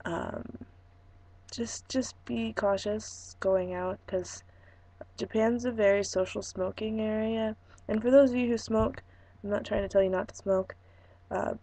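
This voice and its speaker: A young woman from California, hoarse from losing her voice, rambling through a casual vlog with lots of ums and restarts. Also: mid-range voice, fairly even intonation, measured pace, warm tone, rough recording. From Fresno, California. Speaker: vlogger.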